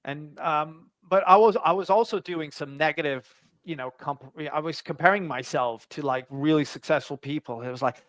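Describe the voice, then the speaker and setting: A man with a fairly high voice chats as a guest on a video call. He hesitates, restarts and leans on fillers as he talks. The sound is dry and close. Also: moderate pace, a bit bright, no echo. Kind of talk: casual interview chat.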